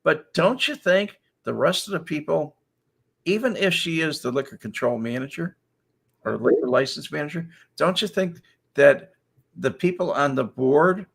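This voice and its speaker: An older man hosting a casual talk show, telling animated stories and laughing often as he acts out quotes. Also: medium pitch, creaky. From Chicago area. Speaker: show host. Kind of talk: casual storytelling chat.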